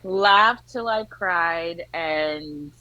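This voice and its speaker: A woman's voice: on the low side, extremely slow, pushed and bright, no echo, lo-fi sound. A woman guest, a digital creator, chatting eagerly on a video call. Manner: enthusiastic, chatty. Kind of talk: casual chat.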